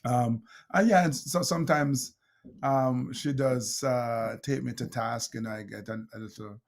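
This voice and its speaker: A middle-aged man with a Jamaican accent, a motivational speaker telling lively stories as an interview guest and acting out quoted lines. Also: mid-range voice, measured pace, creaky. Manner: animated storyteller, laughs often, acts out quotes. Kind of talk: interview storytelling.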